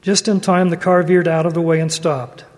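A man gives an earnest sermon, his voice notably high for a man and his delivery measured. Each phrase trails off into the long reverb of a large hall. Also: level tone, darkish tone. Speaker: religious speaker. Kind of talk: sermon with read-aloud story.

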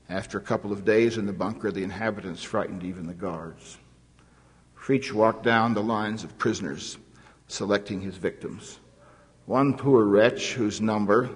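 Guy preaching a slow solemn sermon, kinda husky low voice, big echoey hall. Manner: measured, solemn storytelling with scriptural diction. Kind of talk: formal sermon address.

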